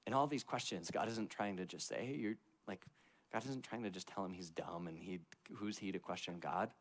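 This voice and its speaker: Young guy youth pastor, lowish voice, chatty sermon, lots of likes, goes loud then quiet. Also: fairly quick. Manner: conversational, many "like" fillers, swings between loud and hushed. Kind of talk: casual storytelling sermon. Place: church youth service.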